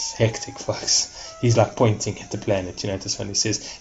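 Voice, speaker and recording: A man's voice: on the low side, steady tone, moderate pace, vocal fry, highs cut off, soft background music. A man talking casually to his viewers, rambling, repeating words and restarting sentences. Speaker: vlogger.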